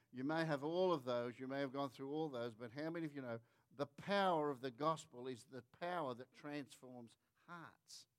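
Emphatic Australian preacher, slightly high voice. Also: male voice. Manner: emphatic, rhetorical, repeats "how many of you know". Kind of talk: sermon.

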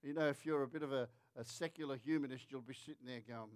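A man's voice: mid-range voice, expressive, fast talker, hardly any pauses, smooth. A man with an Australian accent preaching a sermon, emphatic and rhetorical, often asking the crowd questions. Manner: emphatic, rhetorical, repeats "how many of you know".

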